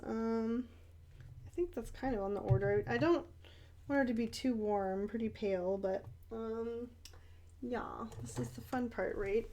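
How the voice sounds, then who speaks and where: A young woman chatting casually while she paints, rambling with fillers and little laughs. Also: a little high. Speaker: painting vlogger and art teacher. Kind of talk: casual paint-along chat.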